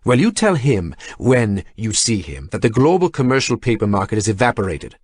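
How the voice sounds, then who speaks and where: A man's voice: medium pitch, big pitch swings, moderate pace. A man reading an audiobook, voicing a powerful older industrialist who growls angrily over a phone line. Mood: furious. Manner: growling, blunt, swearing.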